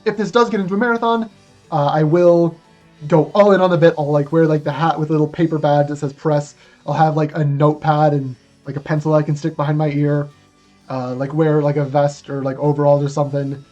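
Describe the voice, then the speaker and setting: Chatty speedrunner, casual rambling commentary with lots of fillers. Middle pitch, slightly dull recording. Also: flat delivery, a little fast, mellow, faint music behind. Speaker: speedrunner submitting a run.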